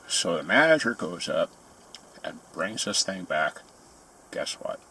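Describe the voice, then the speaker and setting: A man's voice: sits low, moderate pace, vocal fry, pushed and bright, slight background noise. A man telling grumbling, sarcastic stories in a casual ranting monologue. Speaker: vlogger.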